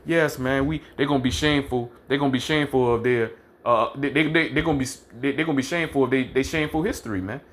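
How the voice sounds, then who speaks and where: A man preaching fiercely and profanely, ending nearly every phrase with "man" and slowing down to read scripture verses aloud. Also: mid-range voice, a bit bright, a little hiss or hum. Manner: reads scripture verses slowly and deliberately. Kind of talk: fiery street-style preaching with scripture reading.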